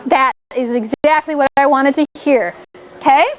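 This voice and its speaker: A woman's voice: sits high, normal speed, a loud crowd, very noisy. A woman teaching a classroom, coaxing pupils through call-and-response prompts. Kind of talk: classroom instruction.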